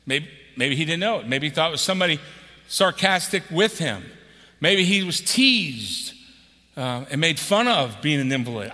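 A man's voice: a little high, bright, forceful tone. A man in his sixties, an executive pastor preaching a conversational sermon and acting out quotes with a raised voice. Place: church auditorium. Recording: long hall reverb.

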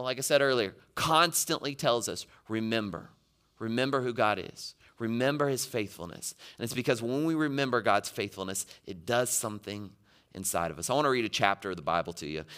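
Male pastor, bright and ringing, clear tone; impassioned sermon delivery that swells to near-shouting. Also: mid-range voice. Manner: impassioned, rising to near-shouting when quoting the psalm.

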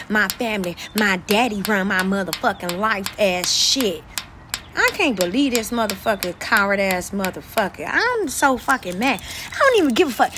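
A woman vlogger delivering an angry, profane rant to camera, repeating phrases and swinging between loud outbursts and quieter asides. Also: medium pitch, slight background noise.

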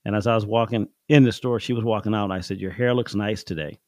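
Middle-aged man, low-ish voice, dry close sound; folksy, chuckling storyteller in a casual chat. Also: fairly even intonation, fast, darkish tone, no room sound. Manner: folksy, chuckling, acts out voices in his anecdotes. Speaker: father telling life stories on his son's podcast.

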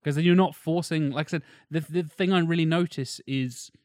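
A man co-hosting a casual film podcast, animated and emphatic, swearing freely. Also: fairly high pitch, brisk, dry recording, studio quality. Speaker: podcast co-host.

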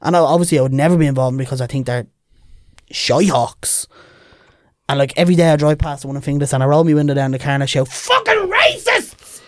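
A man's voice: mid-range voice, fast talker, dry recording, studio quality. A young man with a Dublin accent, a podcast guest telling stories in casual chat and putting on voices for the people in them. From Ireland. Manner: lively, animated, puts on voices in anecdotes.

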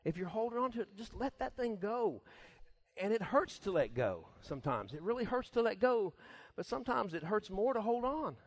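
A middle-aged man preaching a casual sermon as pastor, folksy and quick to laugh, acting out little voices. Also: high voice. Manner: laughs often, folksy and animated, acts out voices.

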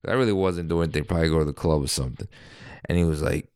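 A middle-aged man with a low voice tells a loose, rambling anecdote on his podcast. He swears freely and keeps stopping to correct himself. The recording is dry and close. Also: rapid-fire, darkish tone, smooth, no room sound. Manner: rambling, profane, frequent self-corrections. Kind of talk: casual storytelling. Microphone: podcast microphone.

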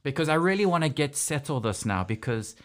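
A man's voice: fairly high pitch, sing-song, fairly quick. A man with a South African accent hosting a studio interview, chatting in a rambling way and often correcting himself. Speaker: host.

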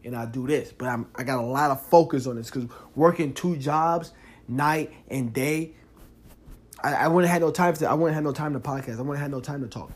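Young guy w/ aave talking straight at you on his podcast, kinda high voice, gets loud n heated. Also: brisk, breathy edge. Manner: animated, talks straight to the listener, rising loud when worked up. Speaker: podcast host. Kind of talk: casual monologue.

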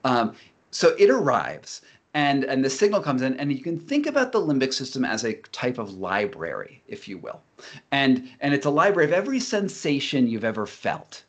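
Animated man explaining. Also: medium pitch, moderate pace. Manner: animated, repeats words when restarting. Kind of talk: casual explanatory talk.

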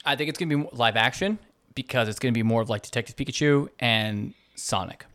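A man's voice: mid-range voice, fast talker, fairly bright tone, no echo, clean studio sound. Upbeat chatty man co-hosting a podcast. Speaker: podcast co-host. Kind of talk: casual gaming news chat.

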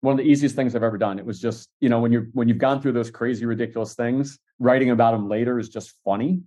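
A middle-aged man telling stories in a casual interview, quick and animated, acting out what others said. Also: medium pitch, highs cut off. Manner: fast, animated storytelling with acted-out quotes. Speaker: podcast guest, entrepreneur.

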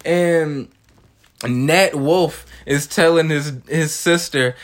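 A man in his twenties recaps a movie in a casual, animated monologue, swearing freely and tossing in joking asides. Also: fairly high pitch, very slow. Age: 20s. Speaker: film reviewer.

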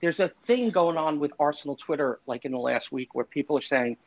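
A man co-hosting a podcast in a rambling, self-deprecating way. He laughs often and sits slightly higher in pitch than most men. His audio is dull and lo-fi. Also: lively intonation, fast, hardly any pauses, no room sound. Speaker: podcast co-host. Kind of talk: casual podcast chat.

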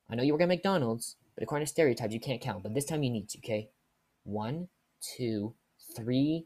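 A young man tells a workplace story in a casual vlog, exasperated and full of slang. His pitch swings widely as he goes, and his voice has a husky edge. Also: lively intonation, a little fast, darkish tone. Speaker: fast-food worker telling a story.

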